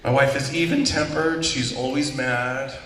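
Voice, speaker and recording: A man doing a stand-up comedy set on a large theater stage, animated and jokey, slipping into silly voices. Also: mid-range voice, measured pace, background noise. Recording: echoey hall, far mic, crowd. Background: audience laughing and clapping.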